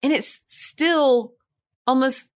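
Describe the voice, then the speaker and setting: A woman's voice: sits high, slow. A woman hosting a podcast interview, talking casually and often saying "like". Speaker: podcast host. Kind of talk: conversational interview.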